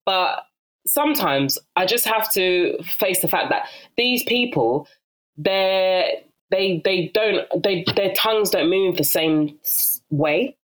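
A woman's voice: on the low side, takes it slowly. A young woman with a South London accent, telling stories in a casual interview and acting out other people's voices. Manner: animated storyteller who acts out voices, laughs often. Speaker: guest.

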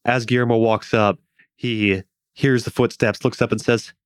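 A man narrating a tabletop game as game master, in a relaxed, descriptive way. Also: mid-range voice, moderate pace, clean tone, no echo, clean studio sound. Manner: relaxed, descriptive, laughs easily.

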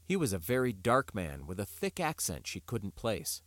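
A man narrating an audiobook with a wry, expressive reading. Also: on the low side, moderate pace, no room sound.

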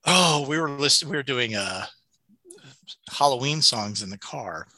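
Middle-aged man, casual podcast co-host, animated storyteller with a very bright, dry close sound. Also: medium pitch, normal speed, no echo. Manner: animated storyteller, laughs often, acts out quotes. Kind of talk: casual chat.

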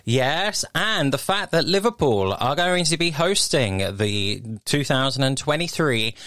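A man's voice: on the high side, lively intonation, unhurried, fairly bright tone, no echo. A man presenting a radio show from a studio, cheery and upbeat with chatty asides.

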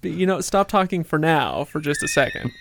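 A man hosting a casual book podcast, briskly steering the talk back to announcements. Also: a little high, animated, gravelly, a bit bright. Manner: brisk, wrangles co-hosts to get to announcements. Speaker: podcast host.

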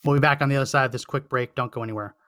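A man's voice: medium pitch, steady tone, very fast, fairly bright tone. Fired-up male political commentator. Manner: impassioned and emphatic, repeating phrases for effect. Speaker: podcast host.

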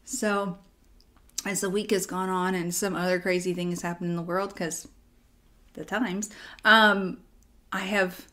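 Brief: woman devotional speaker, chatty and personal, acts out her inner dialogue, softens to a near-whisper at tender moments. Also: lowish voice, little pitch movement, a little slow, pauses often.

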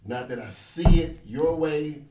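A man's voice: on the high side, a little slow, echoey room, loud music behind the voice. A man, a pastor, speaking emphatically and self-assuredly in a casual conversation.

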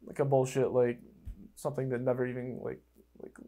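A young man hosting a podcast in casual chat, rambling and excitable, with lots of fillers and swearing. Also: medium pitch, a little fast. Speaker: podcast host.

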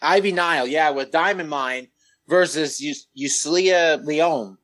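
Man, slightly high pitch, hesitant delivery, good-natured co-host. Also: measured pace, fairly bright tone. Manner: hesitant, good-humored, stumbles over names. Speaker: podcast co-host. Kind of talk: casual wrestling chat.

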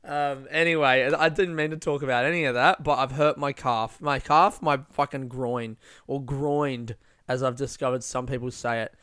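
A man's voice: mid-range voice, steady tone, normal speed, hardly any pauses, a bit bright, clear, resonant tone, dry recording, studio quality. A young Australian man, a stand-up comedian, rambling through a profane, self-mocking casual monologue.

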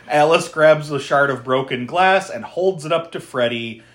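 A podcast co-host in loose, casual chat who walks through a film scene by scene. The voice sits in an ordinary middle pitch, broken up by frequent laughs, blunt swearing and dry, sarcastic asides. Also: unhurried.

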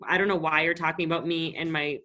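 A young woman in her late twenties co-hosts a podcast and chats casually. Her voice sits a little low, and she tells her stories bluntly, swears freely and speaks with confidence. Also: fairly even intonation, fast talker, bright, forceful tone. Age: late 20s. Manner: blunt, profane storytelling. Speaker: podcast co-host. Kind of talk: casual chat. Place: Los Angeles.

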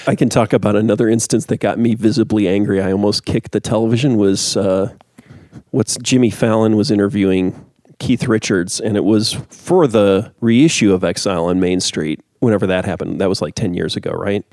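Low-voiced man on a heated rant. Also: fairly even intonation, fairly quick, darkish tone, dry recording, clean studio sound. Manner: heated, ranting and self-deprecating. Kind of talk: casual chat.

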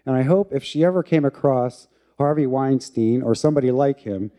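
A middle-aged man tells a personal story to an audience. His voice is deep in tone, very dark and mellow. He talks candidly and pokes fun at himself. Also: a little fast. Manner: candid, self-mocking, with laughs.

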